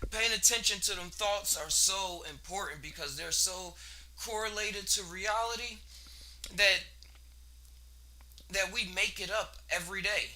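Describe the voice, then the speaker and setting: High, bright-voiced man musing casually. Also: unhurried, a little hiss or hum. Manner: rambling, laid-back, slangy, laughs between thoughts. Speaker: podcast host. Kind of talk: casual solo monologue.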